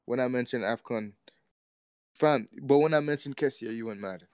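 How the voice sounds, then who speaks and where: A man's voice: mid-range voice, normal speed, clean tone, no echo. A man co-hosting a podcast, bantering casually about football and teasing his friends with lots of slang. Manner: teasing, laughs loudly, slang-heavy. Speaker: podcast co-host.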